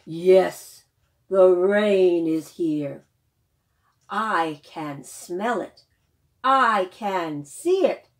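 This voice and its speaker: A woman voicing a big male lion who speaks in a slow, loud purr, reading a picture book aloud. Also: lowish voice, animated, pitched below the performer's own voice. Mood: calm. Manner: slow, loud purring speech.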